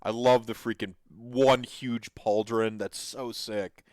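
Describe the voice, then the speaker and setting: A man's voice: mid-range voice, steady tone, slow, no echo. A man hosting a podcast, reacting to videos in an enthusiastic, rambling way with lots of fillers. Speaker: podcast host. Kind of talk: casual commentary reacting to videos.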